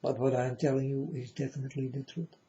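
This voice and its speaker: Man, insistent repetitive preacher, deep dark timbre, muffled home audio. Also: little pitch movement, quick pace. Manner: repetitive, insistent, addresses listeners as folks. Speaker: self-styled religious speaker. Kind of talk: preaching monologue to viewers. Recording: dull lo-fi recording.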